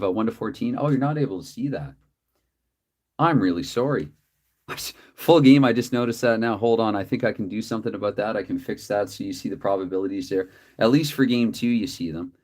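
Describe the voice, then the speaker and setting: A man's voice: medium pitch, a little mellow. Chatty man calling a tabletop hockey game. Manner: chatty, self-correcting, apologetic asides. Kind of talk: play-by-play commentary of a dice hockey game.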